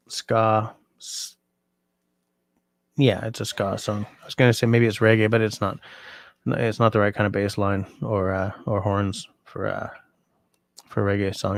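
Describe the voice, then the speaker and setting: A sleepy, yawning man hosting a livestream, chatting casually and reading out viewer comments in a relaxed, rambling way. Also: lowish voice, moderate pace, vocal fry, pauses often, dry recording. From Canada. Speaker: livestream host.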